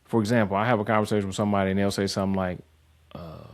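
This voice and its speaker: Blunt, profane man with a low voice. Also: rapid-fire. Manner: profane, animated, mocking. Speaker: host. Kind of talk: blunt motivational monologue.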